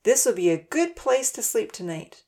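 A woman voicing a kind, calm adult man who leads a group of children, speaking slowly and reassuringly. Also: a little high, voice pushed up. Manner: slow, reassuring and firm.

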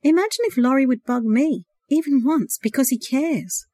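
A woman's voice: high voice, expressive, normal speed, dark tone, no echo, voice pushed up. A cautious young woman, cold and unsure, voicing her thoughts to herself, as a woman reading a story gives her voice. The sound is dry and close. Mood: wistful. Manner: inner thoughts, hesitant.

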